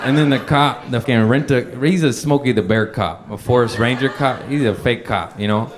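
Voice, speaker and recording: A man's voice: mid-range voice, moderate pace. A young man doing stand-up, telling a long story in a loose, profane way and chuckling as he goes. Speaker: stand-up comedian. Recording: live room with audience laughter.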